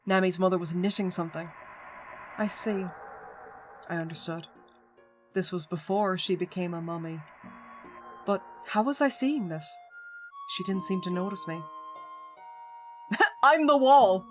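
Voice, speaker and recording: A woman streamer reading a visual novel aloud in an expressive voice, dropping in joking asides. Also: lowish voice. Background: game music.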